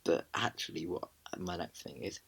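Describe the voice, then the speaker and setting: A young male podcast co-host with a very deep, gravelly voice and a husky edge. He talks in a rambling, slangy way. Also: normal speed. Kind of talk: casual chat.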